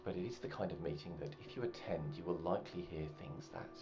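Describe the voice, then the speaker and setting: A man voicing a secretive wealthy woman with an unblinking stare, speaking low and half whispered. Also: fast talker. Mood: hushed, conspiratorial. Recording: muffled, with faint music.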